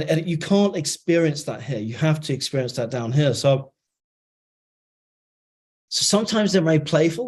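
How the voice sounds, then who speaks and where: A man who channels messages in chanted syllables and then explains them in casual chat with many fillers. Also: on the high side. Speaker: channeler guest.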